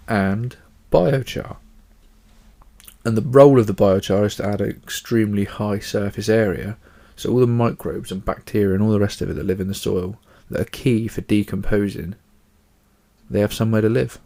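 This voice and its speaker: A man's voice: fairly low pitch, fairly even intonation, moderate pace, warm tone. A man hosting a casual solo podcast, chatty and rambling, swearing offhandedly and fighting off yawns. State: yawning. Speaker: podcast host.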